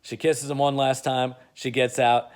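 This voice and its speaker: A man's voice: medium pitch, little pitch movement, a little slow, smooth. A man casually retelling an imagined movie plot in a rambling, filler-heavy way. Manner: rambling, with many fillers and restarts. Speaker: video creator.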